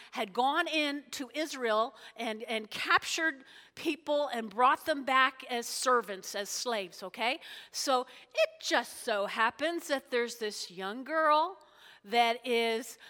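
A woman pastor retelling a story in a sermon, lively, with asides and check-in questions, in an echoey hall. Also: fairly high pitch.

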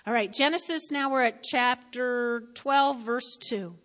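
A woman pastor delivers an animated sermon, hammering home her points by repeating them. Her voice sits high and rings bright. A long reverb from a church hall trails behind every phrase. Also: a little slow. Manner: emphatic and repetitive, addressing the congregation directly; animated, with sudden swings between loud and quiet.

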